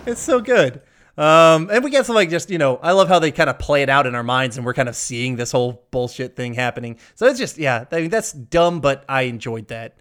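A man's voice: mid-range voice, animated, fairly quick, fairly bright tone. A man hosting a podcast, chatting casually and recapping film scenes. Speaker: podcast host. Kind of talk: casual chat.

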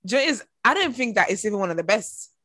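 A woman's voice: medium pitch, sing-song, very fast, bright, forceful tone, no echo. Blunt british girl chatting on a podcast, mid voice, playful, dry sound. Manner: blunt, opinionated, playful asides. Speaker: podcast co-host. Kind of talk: casual chat.

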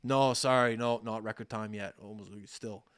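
A man's voice: fairly low pitch, normal speed, clear, resonant tone, no room sound. A man in his thirties telling a long story on a podcast, acting out each side of the conversations. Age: 30s. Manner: animated, acts out quoted dialogue. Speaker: podcast co-host. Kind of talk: casual storytelling chat.

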